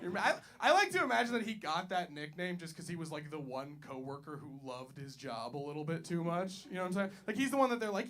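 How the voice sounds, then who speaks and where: A young man doing a stand-up comedy set on stage, animated and playful, jumping loud for the lines he acts out. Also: sits high, fast talker, slight background noise. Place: small comedy club stage.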